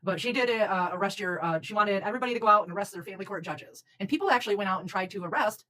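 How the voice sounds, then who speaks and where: A woman's voice: mid-range voice, rapid-fire, bright, forceful tone, poor audio. A woman co-hosting a casual talk show, frank and chatty, calling people dude. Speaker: podcast co-host. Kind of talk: casual chat.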